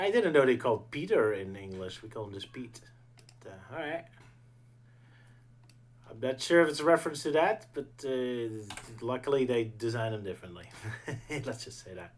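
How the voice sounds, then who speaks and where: A man's voice: medium pitch, expressive, normal speed. A man from the Netherlands with a Dutch accent, hosting a casual podcast chat with dry, wry humor. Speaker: podcast host.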